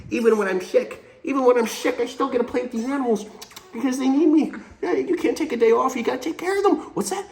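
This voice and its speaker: A man's voice: fairly high pitch, slight background noise. A man hosting a wildlife vlog, chatting casually and upbeat while he tends animals in their enclosures. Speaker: wildlife keeper and show host. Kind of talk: casual vlog talk to camera. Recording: roomy echo with faint ambience.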